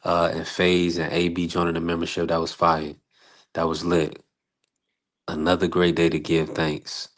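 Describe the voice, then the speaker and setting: Deep flat-voiced man hosting a stream. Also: normal speed. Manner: shout-outs to chat, relaxed filler-heavy. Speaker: host. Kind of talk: live-stream boxing talk show.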